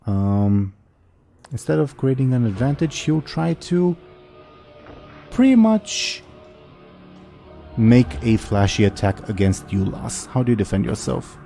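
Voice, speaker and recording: A man's voice: medium pitch, very animated, unhurried, gravelly, pauses often, dark tone, faint music behind. A man running a tabletop game as game master, narrating with hesitant fillers.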